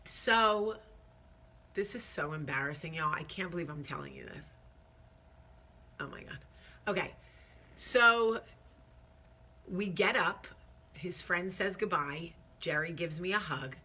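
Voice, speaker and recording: A woman's voice: lowish voice, lively intonation, measured pace, long pauses, bright, forceful tone, husky. A woman hosting her own talk show, telling a story casually, chatty and candid with lots of fillers, sounding stressed and nervous. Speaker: vlog host.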